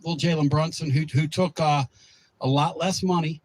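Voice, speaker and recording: Blunt, folksy sports radio host. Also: male voice, a little high, steady tone, normal speed, a little mellow, rough recording.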